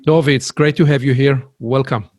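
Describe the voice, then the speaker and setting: A man hosting a podcast interview, friendly and quick to laugh. His voice sits at an ordinary mid pitch as he puts questions to his guest and reacts. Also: steady tone, darkish tone. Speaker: podcast host.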